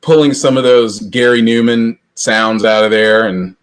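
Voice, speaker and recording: A middle-aged man co-hosting a podcast, telling long rambling anecdotes with lively restarts. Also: medium pitch, unhurried. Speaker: podcast co-host. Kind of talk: casual storytelling chat.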